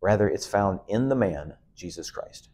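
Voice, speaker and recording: A man's voice: deep voice, animated, normal speed, mellow, husky. A middle-aged man teaching a Bible lesson as a pastor, preaching emphatically with repeated, building phrases and the odd "uh". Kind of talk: expository sermon.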